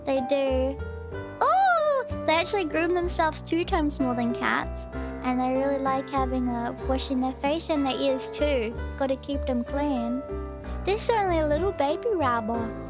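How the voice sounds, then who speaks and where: A woman's voice: high-pitched, normal speed, music in the background. A young woman streaming, chatting casually and gushing over cute animal videos. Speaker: VTuber streamer.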